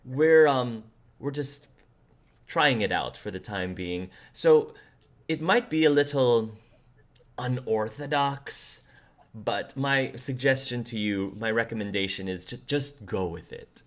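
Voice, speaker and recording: A man's voice: mid-range voice, takes it slowly. A man acting as game master, narrating scenes loosely and descriptively, with frequent restarts.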